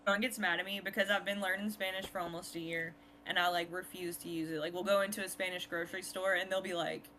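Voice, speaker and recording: A woman's voice: lowish voice, flat delivery, fast talker, sharp tone, slight background noise, low-quality recording. A woman guest on a podcast, telling stories in chatty, casual talk. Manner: chatty storyteller. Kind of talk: casual chat.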